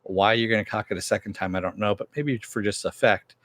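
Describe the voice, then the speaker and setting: A man's voice: fairly low pitch, fairly even intonation, fairly quick, a bit bright, no room sound. A man giving a rambling, offhand recap of a TV episode, swearing casually as he retells the plot. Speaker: TV episode reviewer.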